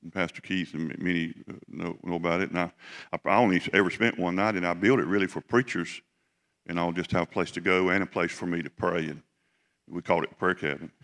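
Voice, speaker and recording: A middle-aged man preaching, telling a personal story in a folksy, halting way with many restarts. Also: sits low, steady tone, a bit bright. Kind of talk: sermon storytelling.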